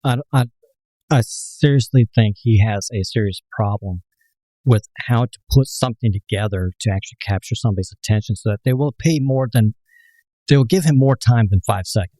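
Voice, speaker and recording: Calm male dating coach, warm dark tone, explains patiently, dry close sound. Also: on the low side, brisk, dry recording, rough recording. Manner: calm, explanatory, tells personal stories. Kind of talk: casual chat.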